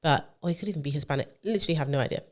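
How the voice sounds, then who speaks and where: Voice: mid-range voice, very fast. A podcast co-host, telling a long story in casual chat, full of fillers and restarts.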